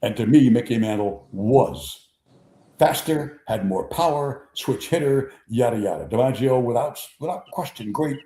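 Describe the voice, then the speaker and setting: Mellow-voiced older sports storyteller. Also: male voice, medium pitch, unhurried. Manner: animated raconteur, acts out quotes. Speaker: sports show host. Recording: echoey room.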